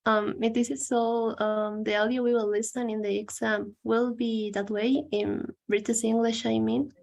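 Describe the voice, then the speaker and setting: A woman's voice: a little high, level tone, moderate pace, vocal fry, a little mellow. A female student on a video call, asking the teacher a question in a tentative, polite way. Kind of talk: asking in class.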